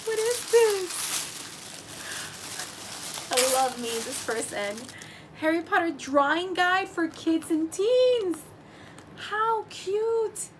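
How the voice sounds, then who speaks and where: High-pitched teacher lady gushing over gifts, gasps a lot, faint hiss behind. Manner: gushing, excitable, gasps often. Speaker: teacher and YouTuber. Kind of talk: casual unboxing vlog.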